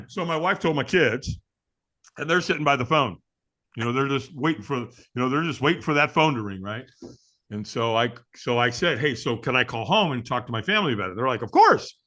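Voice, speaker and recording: A middle-aged man with a mid-range voice talks a little fast as the guest in a casual interview. He's a firewalk instructor and an animated storyteller, acting out quotes and laughing often.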